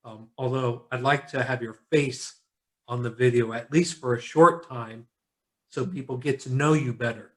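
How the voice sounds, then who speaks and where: A tired man hosting a casual video call chat, relaxed and encouraging, rambling a little. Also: mid-range voice, normal speed. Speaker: host.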